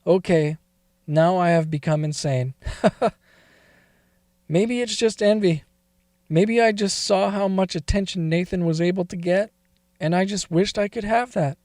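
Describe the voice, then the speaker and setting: A man's voice: sits high, a little slow, pauses often, darkish tone, no echo, studio quality. A man telling a first-person confessional story in a confiding, emotional way that wavers toward tears.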